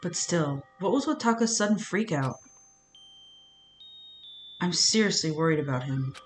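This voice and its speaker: A woman's voice: sits low, lively intonation, unhurried, faint music behind. Young woman streamer reading a game. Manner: playful, emotional reactions. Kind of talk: game let's-play, reading dialogue aloud.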